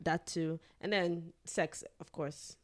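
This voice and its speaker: A woman's voice: low-pitched, fairly even intonation, slow. A woman from Africa, chatting frankly on a podcast and jumping into the talk. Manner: frank, talkative, jumps in. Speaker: podcast co-host. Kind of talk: casual podcast chat.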